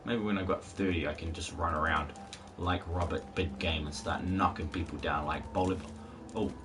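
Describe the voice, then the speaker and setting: A man's voice: low voice, steady tone, normal speed, over music. A man live-streaming a game in casual chat, rambling along and talking to his viewers and the game's dog. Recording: distant mic with faint background noise.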